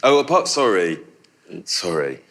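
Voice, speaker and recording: A man with a Yorkshire accent and a notably low voice talks through a festival Q&A. He tells stories with lively, chatty energy and laughs often. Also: measured pace. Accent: Yorkshire English. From Yorkshire, England. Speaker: film director, festival guest. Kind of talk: festival Q&A talk.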